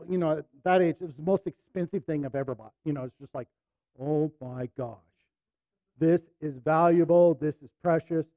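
A middle-aged man preaching a sermon, telling a personal story in a conversational way, dropping to soft asides and rising to emphatic bursts. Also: a little high, no room sound, phone-quality sound. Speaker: pastor.

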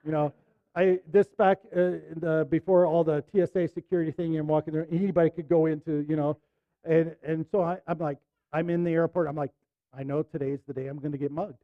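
A middle-aged man preaching a sermon, telling a personal story in a conversational way, dropping to soft asides and rising to emphatic bursts. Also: fairly high pitch, flat delivery, brisk, no room sound, narrow, tinny audio. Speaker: pastor.

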